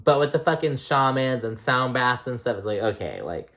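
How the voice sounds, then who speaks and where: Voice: medium pitch, lively intonation, normal speed, fairly bright tone. A reality TV recap vlogger in casual commentary, rambling and swearing often, full of "like" and "um.".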